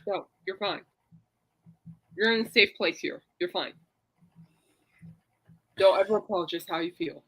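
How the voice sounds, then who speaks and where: A woman's voice: medium pitch, unhurried, long pauses, slightly rough, rough recording. A woman hosting a casual podcast, chatty and reassuring, rambling between topics. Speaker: podcast host. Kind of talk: casual chat.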